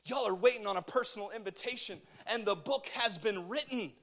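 A male pastor preaching a sermon in a church, swinging from loud shouting to low, quiet asides. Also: fairly quick, few pauses.

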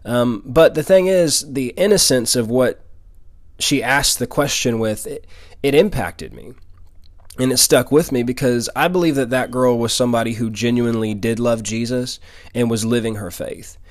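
This sermon comes from a preacher in his 20s from Louisiana, who weaves personal testimony into scripture and drives points home by repeating key lines in an earnest storytelling manner. He speaks at normal speed with a medium pitch, his voice close and dry, no room sound.

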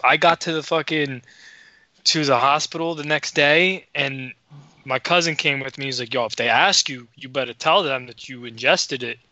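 A man tells a story on a podcast, voicing the people in it and swearing freely. His voice is bright and forceful. The recording is dull and dry. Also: on the high side, dry recording. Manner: animated, profane, acts out dialogue. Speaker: podcast co-host. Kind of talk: casual storytelling.

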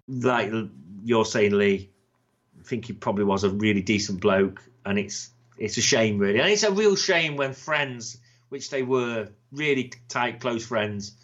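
A man co-hosting a podcast in casual, sweary, animated chat. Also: lowish voice. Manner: sweary, animated, slips into impressions. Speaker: podcast co-host. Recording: slightly dull lo-fi sound.

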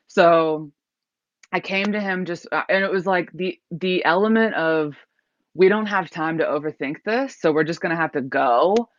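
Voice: mid-range voice, normal speed. A singer-songwriter guest telling a story in a casual interview, rambling with many likes and restarts. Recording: dull lo-fi recording.

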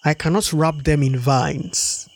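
A man reads as a crafty spider trickster in a storybook. The voice sits a little high and stays smooth and persuasive. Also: fairly even intonation, slow pace. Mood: sly. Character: clever scheming male spider trickster. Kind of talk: storybook read-aloud.

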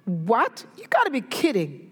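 A woman voicing a terrified man hanging from a cliff, yelling and pleading desperately for help. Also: on the high side, huge pitch swings, unhurried, slightly rough, exaggerated voice. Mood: disbelieving. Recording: echoey hall reverb.

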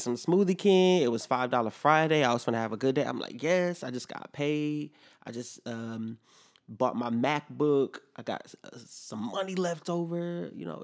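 A young man hosting a podcast, telling a story in a casual, profane rant and acting out both sides of each conversation. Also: mid-range voice. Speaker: podcast host.

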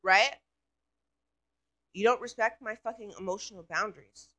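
Woman vlogger, casual storytime rant; bright, sharp tone, loose and profane delivery. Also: medium pitch, normal speed. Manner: rambling, filler-heavy, swears freely.

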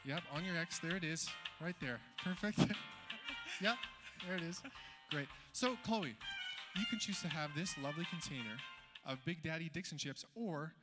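A man's voice: a little high, moderate pace. A man hosting a playful mock game show at a live event, upbeat and exclamatory, with music playing behind him. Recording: music playing in a reverberant hall.

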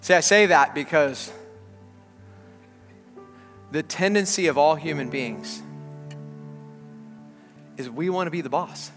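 A man in his thirties preaching a sermon as a pastor, telling an animated story before turning earnest. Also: fairly high pitch, takes it slowly, pauses often. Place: church auditorium. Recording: large hall with long reverb, faint music.

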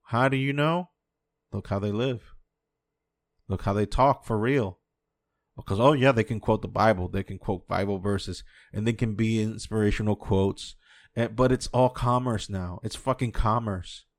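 A man hosting an off-the-cuff podcast rant, swearing heavily and impassioned, swinging between quiet musing and a raised voice. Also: on the low side, moderate pace, no room sound. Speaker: podcast host.

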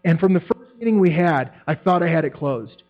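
A man tells his testimony to a church group, his voice sitting a bit high as he animates the story and acts out what others said. The sound is thin and phone-like, with a steady mains hum underneath. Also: brisk. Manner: animated storytelling, acts out quotes, laughs often. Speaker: church member giving a testimony.

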